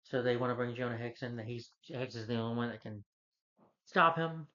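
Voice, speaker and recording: A man's voice: medium pitch, fairly quick, pushed and bright. A man reviewing a movie, casually rambling through the plot and stringing events together with "he's like". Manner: rambling, loose retelling full of "he's like". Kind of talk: casual movie recap rant. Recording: dull lo-fi recording.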